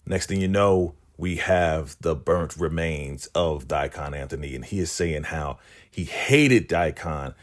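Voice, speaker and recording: A man casually recapping a TV episode and quickly putting on the voices of the characters he quotes. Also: extremely low pitch. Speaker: recap channel host. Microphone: podcast microphone.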